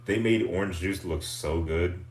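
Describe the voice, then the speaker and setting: A man hosting a livestream in casual chat, goofy and animated, laughing often. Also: low voice, measured pace, roomy sound. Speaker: livestream host.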